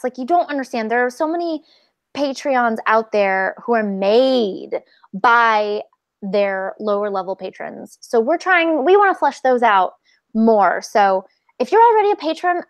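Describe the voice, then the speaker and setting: A woman's voice: fairly high pitch, no echo. A woman co-hosting a podcast in casual chat, enthusiastic and rambling. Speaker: podcast co-host.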